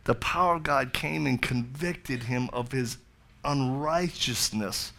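A man's voice: medium pitch, slow pace, pushed and bright. A middle-aged male pastor preaching a sermon, telling a story with jokey asides and then building to fervent appeals.

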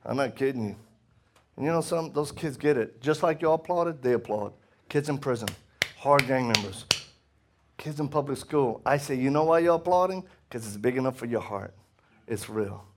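Preaching his testimony to a live crowd at a moderate pace, this middle-aged man has a mid-range voice. He laughs readily and alternates between loud outbursts and hushed speech.

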